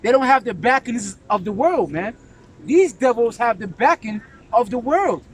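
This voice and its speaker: A man's voice: very high-pitched, animated, normal speed, a little hiss or hum, poor audio. A man preaching during a scripture discussion, emphatic, often asking "right?" and tagging "man" onto his lines. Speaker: religious teacher.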